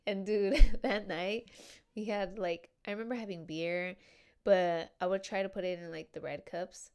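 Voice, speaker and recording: A woman's voice: mid-range voice, a little mellow, clean tone. A woman hosting her own podcast, talking in a loose, slangy, casual way, swearing freely and calling her listeners "dude" and "you guys.". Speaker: podcast host. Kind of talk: casual confessional chat.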